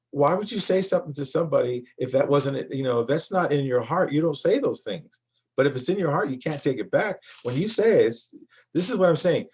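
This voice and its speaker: A man's voice: medium pitch, a little mellow, slightly rough, muffled recording. A man coaching on business credit in a rambling motivational monologue, full of restarts and repeats. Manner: rambling, repetitive, with many restarts.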